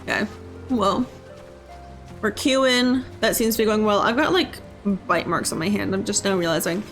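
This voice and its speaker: A woman's voice: mid-range voice, moderate pace, a bit bright, soft background music. A woman game streamer chatting casually and rambling about her day while she plays. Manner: chatty, self-mocking, rambling. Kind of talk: casual chat while gaming.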